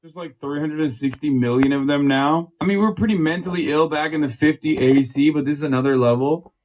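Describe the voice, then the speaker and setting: Male co-host, jokey and bemused, slightly high-pitched. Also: a little fast, darkish tone, slight background noise. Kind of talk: casual reaction chat.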